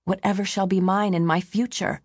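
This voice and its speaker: A woman's voice: medium pitch, steady tone, moderate pace, no echo, close to an everyday voice. A woman reading the lines of a grieving young boy prince in an audiobook. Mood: pleading. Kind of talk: audiobook character voice.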